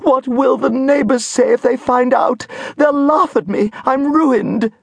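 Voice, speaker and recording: Brief: vain, despairing mother played by a man, high, wailing, husky. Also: unhurried, no room sound, heavily acted.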